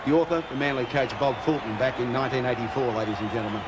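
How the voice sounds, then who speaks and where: A man reading an old newspaper column aloud to a dinner crowd in a measured, formal way. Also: medium pitch. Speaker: dinner speaker. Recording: music loud behind, distant mic.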